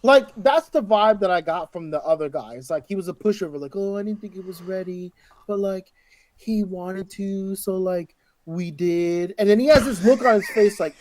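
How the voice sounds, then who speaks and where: A man co-hosting a podcast in casual chat, profane and animated, acting out other people's voices when he tells a story. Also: high voice, normal speed, slight background noise. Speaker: podcast co-host.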